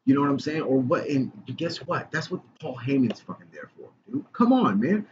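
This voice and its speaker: An excitable man co-hosts a casual podcast, swearing freely and calling his partner bro and dude. The recording is dull and lo-fi, with a steady hiss behind him. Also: medium pitch, brisk. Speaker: podcast co-host. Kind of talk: casual chat about wrestling. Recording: lo-fi with clear background noise.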